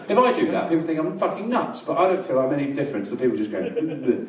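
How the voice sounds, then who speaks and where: Middle-aged man, stand-up comic, deadpan rambling delivery, lively pitch swings, roomy live venue. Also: rapid-fire, recorded from a distance. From England. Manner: dry, rambling, deadpan with crowd laughter. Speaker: stand-up comedian. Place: small comedy venue with audience.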